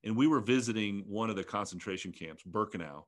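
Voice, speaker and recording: A man in his fifties with a fairly low voice shares his personal story in an interview. He speaks earnestly and reflectively. He often halts and restarts his sentences. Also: a little fast. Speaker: ministry leader guest.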